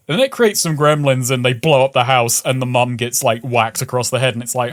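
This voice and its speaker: A man's voice: mid-range voice, fairly quick, few pauses. A man co-hosting a casual film podcast, hesitant at times, picking apart the plot analytically. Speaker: podcast co-host.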